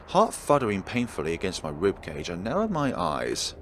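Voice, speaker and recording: A man reading a horror visual novel aloud, narrating in an expressive, dramatic first-person voice. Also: sits low, moderate pace, few pauses, slight background noise. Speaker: let's play host and reader.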